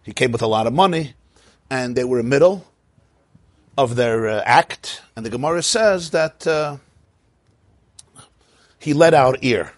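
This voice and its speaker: Animated, husky-voiced man teaching Talmud. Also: mid-range voice, moderate pace, dry recording. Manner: lively storytelling with laughing asides; mixes Hebrew and Yiddish terms into English. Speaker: Torah teacher. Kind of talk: Talmud and Chassidus class.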